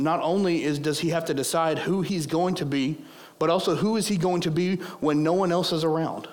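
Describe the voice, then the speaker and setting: A hoarse man preaching a sermon as pastor, conversational and prone to digressing. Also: on the high side, normal speed, hardly any pauses. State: hoarse, losing his voice.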